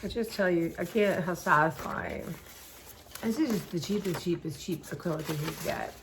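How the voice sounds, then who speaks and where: A woman's voice: fairly low pitch, moderate pace, background noise. A woman from southern Maryland chatting casually to her viewers while she paints, rambling and trailing off mid-sentence. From southern Maryland, USA. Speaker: YouTuber.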